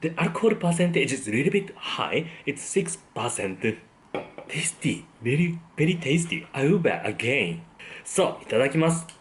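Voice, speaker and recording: Man, food vlog host, casual tasting talk, appreciative hums, lively intonation. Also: a little high, moderate pace. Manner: savoring, frequent appreciative hums. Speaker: food vlogger.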